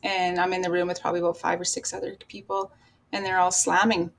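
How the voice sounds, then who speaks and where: A woman's voice: fairly low pitch, level tone, quick pace, creaky. A woman, a podcast guest, telling her life story candidly, bluntly and with swearing, acting out old conversations. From Canada. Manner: blunt and profane, acts out past dialogue, laughs at herself.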